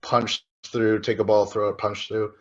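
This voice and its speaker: A man's voice: fairly low pitch, little pitch movement, a little slow, fairly bright tone, muffled recording. A man co-hosting a podcast, recapping a reality show episode in a casual, profane, rambling way and acting out quotes. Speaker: podcast co-host.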